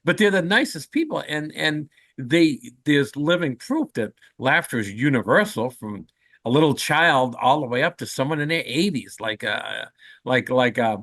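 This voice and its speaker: A man's voice: fairly high pitch, moderate pace, dry recording. A man in his sixties, a comedian and guest, telling stories in a chatty, joking way. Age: 60s. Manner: animated, chatty, jokey. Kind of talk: casual storytelling.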